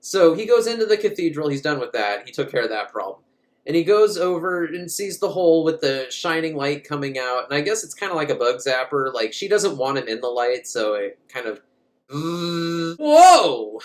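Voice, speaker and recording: A man's voice: on the high side, lively intonation, brisk. A man recapping a movie in a casual, comic way, rambling, swearing and often laughing. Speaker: movie reviewer.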